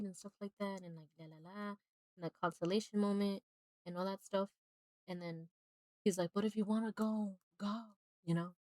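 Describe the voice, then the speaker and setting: Young woman, streamer, casual rambling chat, many fillers, emphatic opinions, middle pitch, dry close sound. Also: moderate pace, long pauses, no room sound. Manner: rambling, animated retelling with many fillers and sighs; emphatic and indignant when giving opinions. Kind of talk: casual chat while drawing on a livestream.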